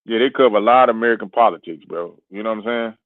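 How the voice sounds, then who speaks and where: Fast-talking man on a tinny phone line. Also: on the low side, no echo. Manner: rambling, filler-heavy, says "bro". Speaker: guest caller. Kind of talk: casual chat.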